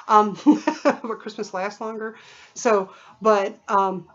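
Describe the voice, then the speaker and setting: Here a woman chats through a vlog, wandering off on tangents and using plenty of fillers and imitated noises. She has a medium-pitched, somewhat bright voice, captured with lo-fi sound.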